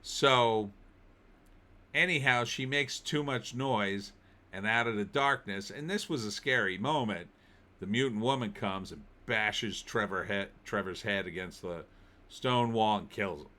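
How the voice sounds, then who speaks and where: A man's voice: on the low side, a little slow, sharp tone. A man giving a casual spoken film review, recapping the plot with wry disbelief.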